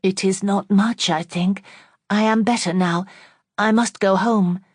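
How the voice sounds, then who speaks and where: A woman's voice: mid-range voice, fairly even intonation, unhurried, husky, no echo, clean studio sound, pitched above the performer's own voice. A woman voicing an injured young woman in an audiobook, speaking faintly but insistently, pleading to leave.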